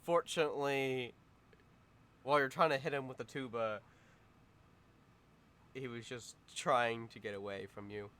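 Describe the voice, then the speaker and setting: A man's voice: mid-range voice, steady tone, a bit bright. Laughing game master man. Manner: playful, laughing often, quick rulings. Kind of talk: narrating a tabletop game live.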